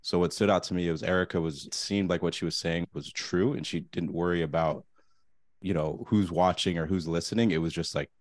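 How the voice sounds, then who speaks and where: Very deep, fast-talking sick man. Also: fairly even intonation, no echo, studio quality. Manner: casual, joking. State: sick, congested. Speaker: podcast co-host.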